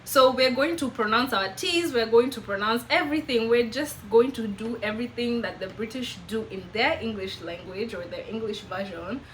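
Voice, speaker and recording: A young woman from Kenya speaks with a Meru-tinged accent, her first language being Kimeru. She chats animatedly to her camera with a bright, crisp tone and a fairly high voice. A faint hum of noise sits under the vlog. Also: moderate pace, hardly any pauses, low-quality recording. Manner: chatty, animated, laughs often. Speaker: vlogger. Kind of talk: casual chat to camera.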